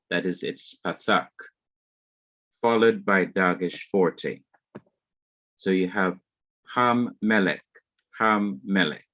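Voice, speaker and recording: Slow, deliberate male Hebrew teacher. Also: low voice, a bit bright, no room sound, highs cut off. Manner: deliberate, repeats key points. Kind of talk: slow classroom explanation.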